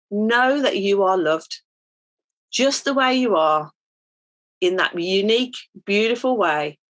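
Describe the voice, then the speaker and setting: A middle-aged woman giving a chatty, anecdotal devotional talk full of ums. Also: medium pitch. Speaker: church speaker.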